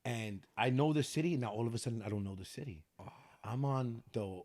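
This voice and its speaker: A young man, telling a story as a podcast guest in an animated, laughing, profane way. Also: medium pitch, a little fast. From New York City. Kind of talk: casual storytelling.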